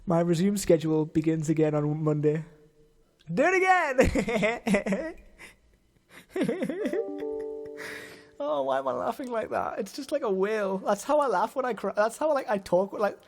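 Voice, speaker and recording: A man's voice: high-pitched, lively intonation, a little fast, vocal fry, hardly any pauses, a little mellow. Tearful, giddy male livestreamer signing off. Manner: effusive, emotional, swears casually. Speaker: livestream host. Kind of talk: casual livestream sign-off chat.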